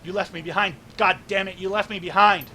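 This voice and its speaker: A man voicing an angry, grieving male ex-cop who shouts and swears. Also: sits high, fast talker, a little hiss or hum, pitched above the performer's own voice. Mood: furious.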